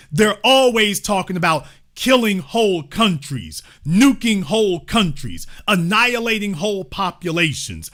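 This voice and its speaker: A man from Louisiana hosting impassioned political commentary, emphatic and repetitive, dropping from loud to hushed. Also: high voice. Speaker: host.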